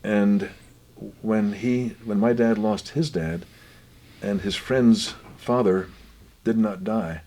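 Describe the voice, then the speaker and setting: An older man gently telling family stories in an unhurried, reflective way, his voice often dropping quiet. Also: fairly low pitch. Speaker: guest author.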